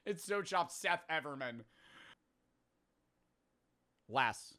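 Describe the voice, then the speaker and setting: A young man in his twenties giving excitable live commentary as he plays a game, muttering low and then shouting, swearing freely. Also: unhurried, long pauses. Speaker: gaming streamer. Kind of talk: live gaming commentary to chat.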